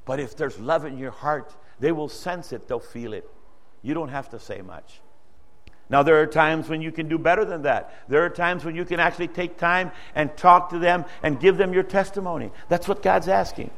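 A man preaching a sermon, telling a testimony story in an earnest, storytelling way, his voice rising and falling. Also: normal speed. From Dutch-speaking background. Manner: earnest storytelling preacher, rises and drops in pitch and loudness.

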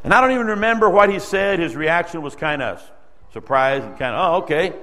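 A male preacher delivering an emotional sermon, swinging from loud exhortation to hushed storytelling. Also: on the high side, animated, fairly quick. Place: church sanctuary. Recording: long reverb of a large hall.

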